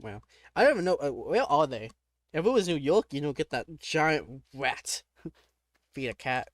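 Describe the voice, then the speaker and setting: A man with a higher-pitched, animated voice plays a text adventure at a moderate pace, reading the game text aloud and reacting casually. He laughs often and breaks off with startled exclamations, in studio-quality audio with no echo.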